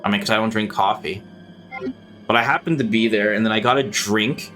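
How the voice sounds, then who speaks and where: With faint music behind him, a man streams a game and talks loosely to his viewers, cursing freely as he rambles. His lowish voice is brisk, bright and forceful.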